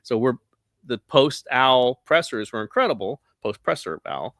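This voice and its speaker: Man telling animated stories, bright dry voice. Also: medium pitch, normal speed, no echo. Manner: animated, laughing anecdotes with quoted asides. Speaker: sports columnist guest. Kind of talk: casual podcast storytelling.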